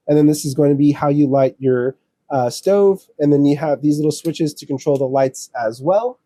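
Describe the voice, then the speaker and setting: Man, RV walkthrough, slightly high voice, mellow tone, dry close sound, steady step-by-step explaining. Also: dry recording. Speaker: RV dealership salesperson giving a walkthrough. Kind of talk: casual walkthrough demonstration. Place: outdoors around an RV, then inside it.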